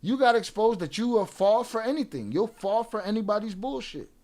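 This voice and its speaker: Livestream host, male, high-pitched, profane and taunting, rants straight at his chat. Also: lively intonation, brisk, darkish tone. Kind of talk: livestream rant addressing chat.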